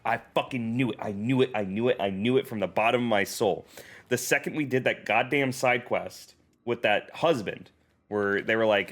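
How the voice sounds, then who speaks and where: A man streaming a video game, chatting casually, reading its dialogue aloud and reacting with excited, jokey swearing. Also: mid-range voice, normal speed. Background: faint game music.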